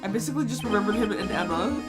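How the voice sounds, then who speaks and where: A woman's voice: medium pitch, lively intonation, very fast. A woman playing a video game, reading its dialogue aloud in a playful way and adding goofy asides. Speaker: gaming streamer. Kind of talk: let's play with dialogue read aloud. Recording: music playing behind the voice.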